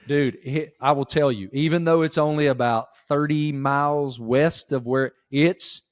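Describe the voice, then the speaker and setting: A middle-aged man from Appalachian Virginia with a Southern accent, telling stories in a folksy, animated way as a podcast guest. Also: a little high, measured pace, no echo, studio quality. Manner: folksy, animated storytelling with emphatic bursts. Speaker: sports reporter guest. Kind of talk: casual podcast interview.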